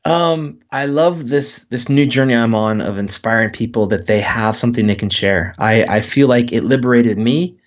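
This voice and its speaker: A man's voice: medium pitch, normal speed, few pauses, highs cut off. A man speaking as a guest author in an interview, talking earnestly and candidly about his life, often restarting his sentences. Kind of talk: reflective interview talk.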